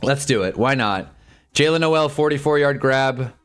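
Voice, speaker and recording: A young man commentating live on football games for his stream, ranting at the refs and reacting fast to each play. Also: mid-range voice, fairly bright tone, smooth, faint music behind. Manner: frustrated, ranting, quick reactions. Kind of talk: live sports watch-along commentary.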